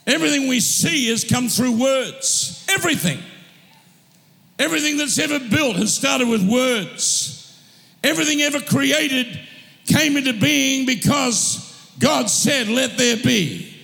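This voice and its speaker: A male pastor delivers a sermon in a high, gravelly voice. He stretches his words out slowly, then breaks into shouted declarations. His voice rings through a hall with a long reverb. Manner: impassioned, shouting declarations, then drawn-out teaching.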